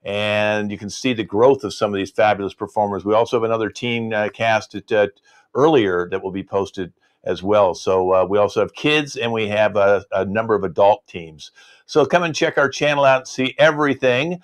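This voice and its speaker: A man hosting a live online improv show over a video call, relaxed and chatty, with frequent pauses. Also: on the low side.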